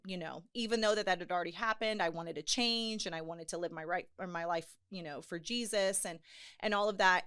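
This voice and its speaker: A woman sharing a personal faith testimony on a podcast, earnest and animated, with many fillers. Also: fairly low pitch, smooth. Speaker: podcast guest. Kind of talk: personal testimony in casual chat.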